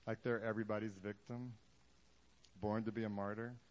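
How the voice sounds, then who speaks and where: A man's voice: lowish voice, flat delivery, normal speed, a little mellow, dull audio. A man preaching a sermon in a casual, joking way, acting out the Bible scenes he talks about for the congregation. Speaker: pastor.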